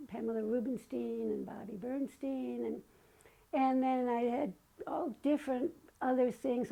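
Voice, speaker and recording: An older woman guest with a gravelly, dark-toned voice on the high side tells personal stories chattily, often acting out remembered dialogue. The audio is poor.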